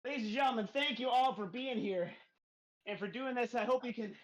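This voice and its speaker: A man's voice: extremely high pitch, fairly quick. A middle-aged man hosting a live podcast while riding, out of breath, upbeat and chatty with lots of restarts. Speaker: podcast host. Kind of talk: live podcast on a bike trainer. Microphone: desk mic on a stand.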